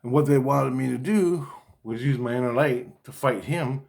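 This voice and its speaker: A man's voice: medium pitch, normal speed, gravelly, darkish tone. A man in a rambling personal monologue, agitated and swearing constantly as he talks. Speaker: vlogger.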